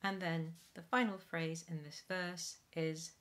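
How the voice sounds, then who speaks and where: Woman, pronunciation lesson, unhurried, careful demonstrations, fairly low voice. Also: steady tone, fairly bright tone. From Wales. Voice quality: soprano. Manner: slow, careful demonstration of sounds. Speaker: singing pronunciation teacher. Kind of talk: spoken lesson.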